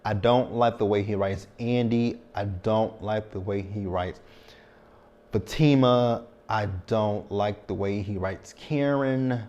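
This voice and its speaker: In a casual vlog, a thirty-something TV recap reviewer goes over an episode frankly, dropping tag questions to check in. He speaks slowly with a fairly low, darkish voice, and the audio sounds dull.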